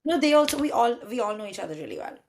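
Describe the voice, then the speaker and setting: Animated young woman telling a story. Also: on the high side, rapid-fire. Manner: animated storytelling, acts out quoted friends. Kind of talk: casual chat.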